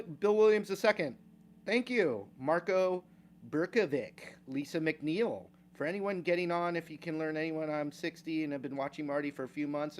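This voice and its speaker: A guitar teacher hosting a casual livestream reads out viewer names in a mid-range voice, with slight background noise. He chats slowly and easily, chuckling between names.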